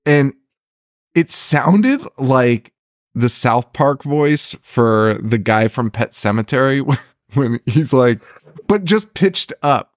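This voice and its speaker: A man's voice: medium pitch, animated, takes it slowly, no echo, studio quality. A man co-hosting a horror movie podcast in casual chat, laughing often and swearing as he rants. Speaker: podcast co-host.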